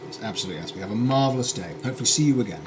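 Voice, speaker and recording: Against a noisy background, a British man rattles off rapid-fire chatter in a lowish voice with lively intonation. He's cooking on a live stream from his home kitchen, chatting wryly with dry asides and wandering tangents.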